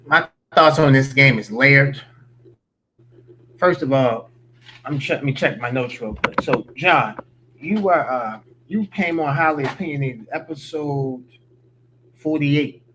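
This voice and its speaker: A man's voice: medium pitch, a little slow, pauses often, bright, forceful tone, a little hiss or hum. A man giving opinionated, slangy sports talk as a podcast guest.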